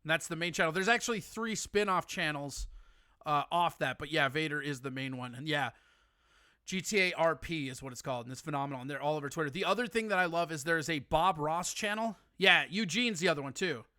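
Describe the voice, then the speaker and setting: A man's voice: on the high side, brisk, bright, forceful tone, no echo, clean studio sound. A man hosting a live call-in stream, teasing his guest in crude, joking banter.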